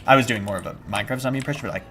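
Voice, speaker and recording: A man's voice: mid-range voice, racing. Rambling young male streamer. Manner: rambling and self-interrupting, with sudden shouted panic at scares. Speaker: game streamer. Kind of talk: casual live-stream chat while playing. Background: background music.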